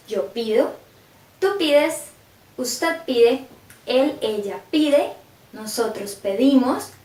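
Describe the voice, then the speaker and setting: Woman teacher, high voice, slow careful drills, echoey room, off-mic. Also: recorded from a distance. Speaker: Spanish teacher. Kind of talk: scripted lesson narration.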